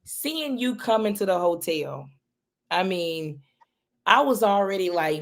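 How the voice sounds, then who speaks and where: Gravelly-voiced woman coach. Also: mid-range voice, normal speed, fairly bright tone. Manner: earnest, passionate, builds points with repetition. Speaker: basketball coach, guest. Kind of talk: casual interview talk.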